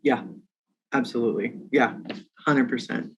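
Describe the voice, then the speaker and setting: A woman's voice: extremely low pitch, fairly even intonation, moderate pace, breathy edge, rough recording. Chatty woman podcast host. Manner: chatty, rambling, with many fillers and small agreements. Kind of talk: casual interview conversation.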